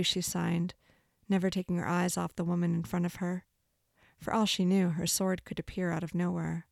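A woman narrating a novel in a measured, expressive storytelling voice. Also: lowish voice, vocal fry, dry recording, clean studio sound. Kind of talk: audiobook narration.

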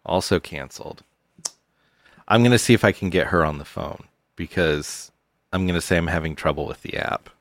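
Very deep-voiced man, dry close sound. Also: dry recording. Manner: deadpan storytelling, low-key and unhurried. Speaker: podcast co-host. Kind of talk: casual comedic chat.

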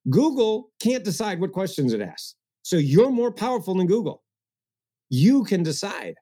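A man speaking as a guest coach in an interview, energetic and getting worked up, with mocking asides. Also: high-pitched, normal speed. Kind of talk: animated interview talk.

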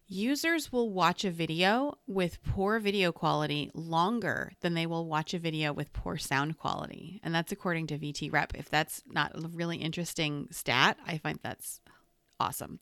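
A woman's voice: on the low side, fairly bright tone, clear, resonant tone, no room sound. Woman, podcast host, candid and encouraging, resonant voice, dry close sound. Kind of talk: solo podcast monologue. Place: home. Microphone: podcast microphone.

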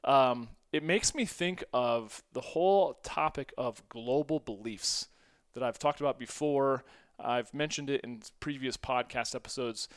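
With a clear, resonant, mid-range voice, this podcast host in his forties works through a solo episode at an unhurried pace. The monologue is casual and conversational, full of self-deprecation and brief bursts of laughter between lines.

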